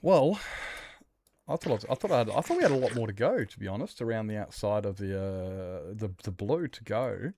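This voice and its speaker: A man's voice: on the low side, animated, brisk, warm tone, no room sound. Jokey, rambling male game streamer. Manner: rambling, jokey, laughs often. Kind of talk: casual gaming stream chat.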